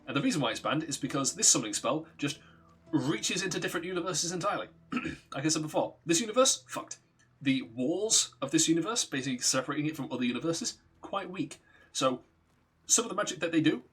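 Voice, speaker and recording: A man's voice: mid-range voice, fairly bright tone, slightly rough. A man streaming a game, telling a story in a rambling, casual way, swearing and laughing often. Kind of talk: casual story narration while gaming.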